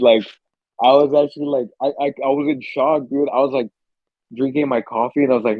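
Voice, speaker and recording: A young man hosting a casual podcast, his voice husky and a little breathy. He tells stories with animated energy, swearing freely and acting out the screams and gasps. The sound is dry and a bit dull, like a cheap mic. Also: mid-range voice, fast talker, dry recording. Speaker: podcast co-host. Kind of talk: casual chat.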